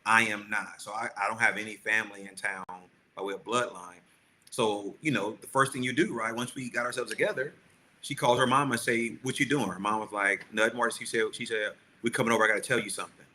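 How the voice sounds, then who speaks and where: A man co-hosting a podcast, telling a family story in a lively, animated way and acting out the quotes. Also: on the low side, a little fast, a little hiss or hum, low-quality recording. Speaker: podcast co-host. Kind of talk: storytelling chat.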